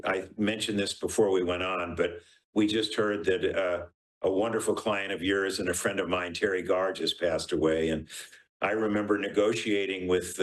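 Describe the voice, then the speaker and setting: An older man hosts a conversation, feeling his way through rambling, halting questions. His voice sits fairly low, and the room gives it a noticeable echo. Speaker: interview host. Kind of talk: conversational interview.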